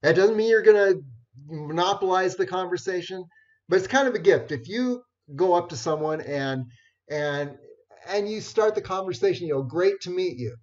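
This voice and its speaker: A man giving an informal talk on networking skills, unhurried, with many fillers and restarts. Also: high voice, darkish tone. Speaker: networking presenter. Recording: dull lo-fi recording.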